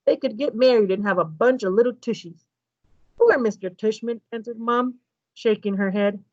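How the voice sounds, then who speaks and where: Brief: teacher reading a children's book aloud, woman with a slightly high voice, dry and a little muffled sound. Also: moderate pace, dry recording. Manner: lively, voices the dialogue of each character.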